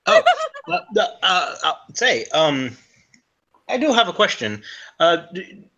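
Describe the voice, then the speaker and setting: A man voicing a chatty, nosy Irish fellow in a tabletop game, with rambling, hesitant flattery. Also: medium pitch, normal speed, dull audio, pitched below the performer's own voice, close to an everyday voice. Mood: fawning. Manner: rambling, hesitant, fawning politeness. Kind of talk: tabletop role-play in character.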